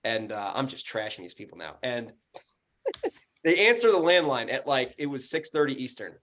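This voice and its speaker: A man with a New York accent gets animated as he retells a fight with a tenant, cursing freely. It is a casual podcast chat between co-hosts, and his delivery is loose and lively. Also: mid-range voice, moderate pace. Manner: animated, profane, acts out heated phone calls in a raised voice. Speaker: podcast co-host, real estate investor.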